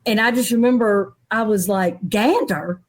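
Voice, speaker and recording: A middle-aged woman, a guest in an interview, telling a personal story in a lively way and acting out other people's voices. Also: mid-range voice, unhurried. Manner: animated, acts out quoted people's voices.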